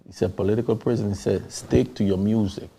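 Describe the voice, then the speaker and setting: A low, gravelly man with a Panamanian Caribbean English accent tells his story as an interview guest. He jumps into the voices of people he quotes and laughs often as he talks, his voice rough with fry. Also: fairly even intonation, fairly quick, dark tone. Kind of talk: animated storytelling in conversation.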